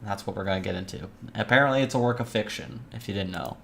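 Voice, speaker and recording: A woman's voice: a bass voice, fast, creaky, a bit bright, slight background noise. Rambling, swearing woman streamer. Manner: rambling, profane, jokey asides. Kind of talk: casual let's-play chat.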